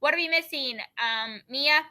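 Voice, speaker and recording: A woman teaching a class in a very bright, sharp voice. She explains ideas through everyday examples and keeps checking that the students follow. Her directions to the room are firm. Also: high voice, normal speed. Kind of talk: classroom lesson.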